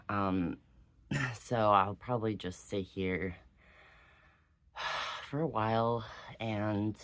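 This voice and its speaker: A vlogger talking casually and hesitantly, out of breath, with many ums and likes. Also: deep voice. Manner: hesitant, full of "um" and "like". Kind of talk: casual personal vlog.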